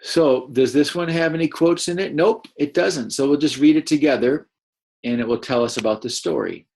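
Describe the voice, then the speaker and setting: A man teaching a first-grade class, reading a picture book aloud and gently encouraging the children to read along. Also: a little high, moderate pace, gravelly. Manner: gentle, encouraging, explains as he goes.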